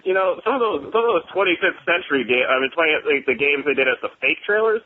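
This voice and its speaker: A man's voice: on the high side, expressive, quick pace. A man calling into a show, chatting bluntly and swearing freely, heard over a phone line. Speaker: caller. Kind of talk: casual call-in chat.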